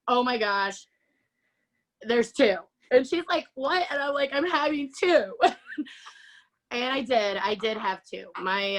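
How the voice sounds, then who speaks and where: A woman, telling her life story as an interview guest, animated and acting out quotes with frequent laughter. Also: medium pitch, poor audio. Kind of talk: personal testimony.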